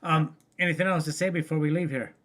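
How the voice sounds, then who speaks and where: A man's voice: a little high, quick pace, a bit bright. A man co-hosting a casual online news chat over a remote call, loose and full of fillers. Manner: loose, filler-heavy, laughs often. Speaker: podcast co-host.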